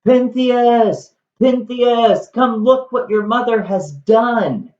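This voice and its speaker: A storyteller voicing a frenzied royal mother, shrill and manic, in a retold stage tragedy. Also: lively intonation, drawn-out words, roomy sound, recorded from a distance, dull audio. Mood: triumphant. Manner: shrill, manic, then wailing. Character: grieving frenzied mother, a queen.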